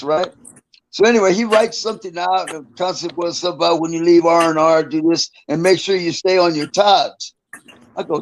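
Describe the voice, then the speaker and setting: A high-pitched older man spins loose, profanity-heavy stories in a relaxed interview, chuckling as he goes. A faint noise hums behind him. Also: normal speed, rough recording. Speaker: interview guest, former prisoner. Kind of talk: casual storytelling interview.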